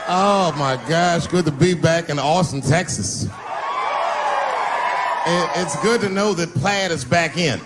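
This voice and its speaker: A man doing conversational stand-up on stage, relaxed and wry. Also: on the high side, slow. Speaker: stand-up comedian. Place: comedy stage before a large audience. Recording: loud crowd and noise on a live recording.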